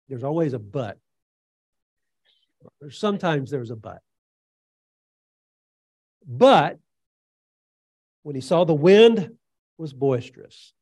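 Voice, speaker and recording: A man preaching a sermon in an earnest, halting way, with frequent fillers, retelling scripture as a story. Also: a little high, a little mellow, dry recording, clean studio sound.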